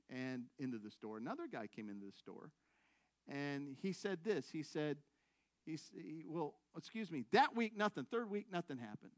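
A man preaching a testimony sermon to a congregation, telling his story with laughs and self-mockery, swinging between loud excited bursts and quiet low asides. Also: no echo. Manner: animated, self-mocking, laughing through the story.

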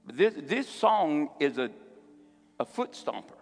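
A man preaching a sermon as a pastor, building to shouted peaks. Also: fairly high pitch, sing-song, measured pace, in a large hall, soft background music. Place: church.

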